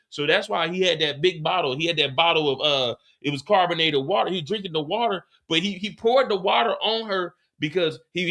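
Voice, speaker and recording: A man hosts a live TV after show and recaps an episode with animated, profane energy. His voice sits high and bright. He stammers through restarts as he pushes his points.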